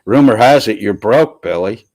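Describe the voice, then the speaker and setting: Man, congested, sore throat, low voice, dry close sound, profane rambling stream chat. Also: expressive, moderate pace, darkish tone, no echo. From US East Coast. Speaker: livestream host. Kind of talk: casual live-stream chat reading comments.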